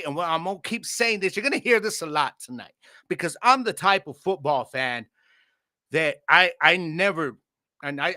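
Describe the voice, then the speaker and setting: An energetic man hosts a live-streamed sports podcast, chatting loosely with his viewers and laughing often. His voice is bright and forceful, pitched a little high. It sounds close and dry on a studio microphone. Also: dry recording. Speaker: podcast host. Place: home studio.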